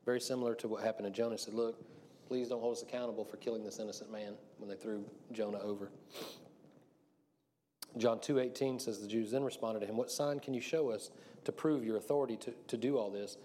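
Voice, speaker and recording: A low-pitched man preaches a casual, chatty sermon. He laughs often and acts out the quotes in a mellow, dark voice. Faint noise sits under the recording. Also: fairly even intonation, fast.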